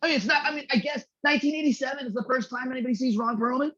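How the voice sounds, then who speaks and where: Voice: high voice, steady tone, rapid-fire, fairly bright tone. A podcast co-host telling a long story in a casual, rambling, heavily profane way. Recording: slightly dull lo-fi audio.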